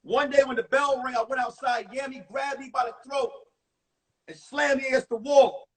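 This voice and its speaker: A man in his forties, a comedian telling crude, animated stories about his school days on a phone livestream. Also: very high-pitched, normal speed, breathy edge. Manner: animated, profane storytelling with acted-out voices. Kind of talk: stand-up storytelling on a livestream.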